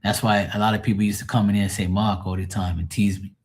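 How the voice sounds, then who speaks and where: A man from Bermuda, chatting casually on a livestream as a tarot reader, telling lively stories and swearing freely. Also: on the low side, quick pace. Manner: animated storyteller who swears freely and acts out other voices.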